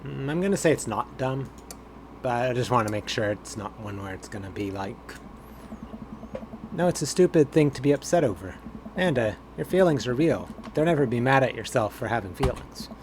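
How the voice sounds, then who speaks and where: Guy doing a sweet dorky dad giving advice, gentle, mid pitch, faint noise behind. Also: lively intonation, normal speed, natural voice. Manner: gentle and reassuring. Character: kind, goofy supportive father. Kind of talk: reading game dialogue aloud.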